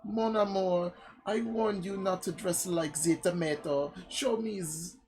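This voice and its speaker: A woman voicing a scheming female game merchant, reading the dialogue slowly with an exaggerated, stereotyped French accent. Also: fairly low pitch, a little mellow, pitched above the performer's own voice, close to an everyday voice, rough recording. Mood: dramatic. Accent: put-on stereotyped French. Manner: slow, drawn-out, hammy line reading.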